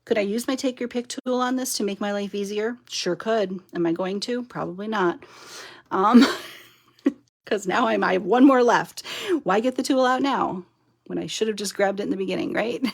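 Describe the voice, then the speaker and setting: Speaking at a moderate pace in a creaky, mid-range voice, a papercraft demonstrator chats with viewers during a live stream while working on her project. She's chatty and giggly, and she admits she's overtired and punchy.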